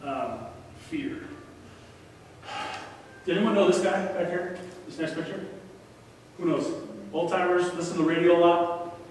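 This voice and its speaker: A middle-aged man preaching a sermon as a guest speaker, talking to the congregation in a conversational way and telling stories with lively asides. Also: sits high, moderate pace, long pauses, slight background noise. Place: church sanctuary. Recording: distant, echoey church hall recording.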